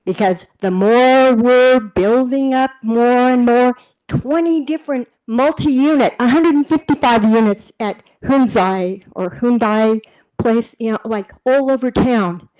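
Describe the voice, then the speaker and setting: A woman's voice: a little high, unhurried, a little mellow, rough recording. A woman giving a combative public comment at a city board meeting. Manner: indignant, combative.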